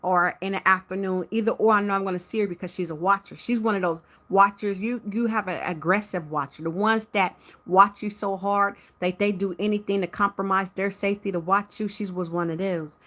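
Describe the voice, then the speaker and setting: Bright-voiced woman telling a heated story. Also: mid-range voice, fairly quick, few pauses. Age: adult with a teenage son. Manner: heated, animated retelling of a neighbor dispute; addresses viewers directly. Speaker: livestream host. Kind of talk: live-stream storytelling to viewers.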